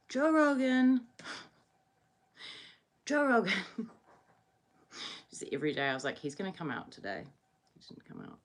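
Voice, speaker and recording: A sleepy woman with a New Zealand accent hosts a casual livestream, her voice gravelly with vocal fry. She rambles loosely, drifting between thoughts and questions to her viewers. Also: a bass voice, a bit bright. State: tired. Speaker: livestream host. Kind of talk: casual live-stream chat.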